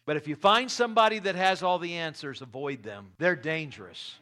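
A man's voice: a little high, expressive, a little fast, pushed and bright. A man preaching a sermon as pastor, earnest and storytelling, with emphatic rises.

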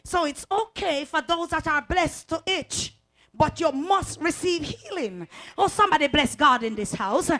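A woman preacher delivering a fervent sermon, calling out to the congregation and swinging from quiet talk to shouting. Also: lively intonation, a little slow. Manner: call-and-response, swings from low talk to shouting.

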